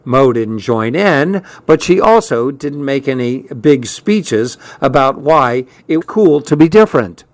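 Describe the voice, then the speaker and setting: A man reading a first-person story aloud as an audiobook narrator, in a measured, even way. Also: medium pitch, no room sound.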